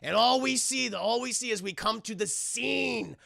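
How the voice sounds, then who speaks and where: Casual: guy ranting a movie recap at his chat, gravelly voice, bright tone, dry close mic. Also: very high voice, moderate pace, no room sound. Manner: animated, profane, addresses chat constantly. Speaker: film reviewer streaming to chat. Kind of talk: casual spoiler review talk.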